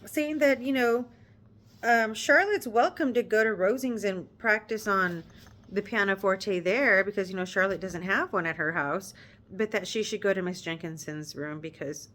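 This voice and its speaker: A woman teacher explaining a classic novel, chatty and relaxed, retelling scenes in everyday modern slang. She often stops to recap with "you know" and "she's like.". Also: mid-range voice, moderate pace. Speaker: teacher reading a novel aloud. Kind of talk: reading aloud with casual commentary.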